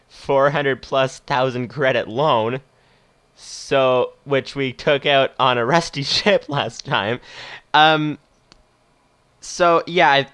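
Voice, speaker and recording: A man's voice: mid-range voice, a bit bright, clean tone, dry recording. A man casually commenting on a game he plays and reading its story aloud, chatty and rambling with frequent laughs. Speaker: game streamer.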